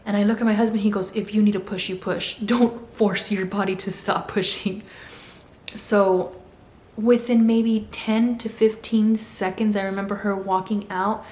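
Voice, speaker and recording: A woman's voice: mid-range voice, normal speed. Woman telling a story in an echoey room. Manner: animated, acts out quoted voices. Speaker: vlogger. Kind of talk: casual storytelling. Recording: echoey room with faint hum.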